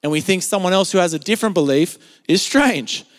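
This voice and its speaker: A man's voice: high-pitched, animated, a little fast, long reverb tail. A man with an Australian accent preaching a sermon in a conversational, storytelling way, full of filler words. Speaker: pastor. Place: church service, streamed.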